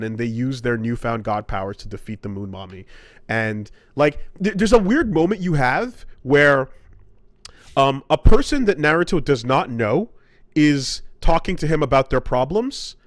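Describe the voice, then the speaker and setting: A man co-hosting a casual podcast, ranting with profanity and jumping into quick high-pitched impressions of characters. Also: no room sound, clean studio sound. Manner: animated, profane, acts out character quotes in sudden high voices. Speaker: podcast co-host.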